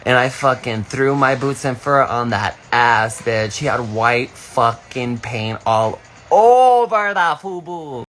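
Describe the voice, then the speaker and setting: A man's voice: lively intonation, slow pace, a bit bright, slight background noise. Campy, profane young man telling stories. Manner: profane, campy, bursts into high-pitched squeals when quoting. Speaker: streamer on a live video. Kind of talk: casual storytelling chat.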